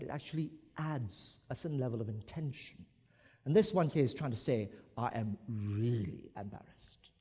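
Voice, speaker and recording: A man from Brunei giving an animated conference talk, acting out examples as he goes. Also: fairly high pitch, slightly rough. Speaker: conference speaker. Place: large conference hall. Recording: echoey conference hall.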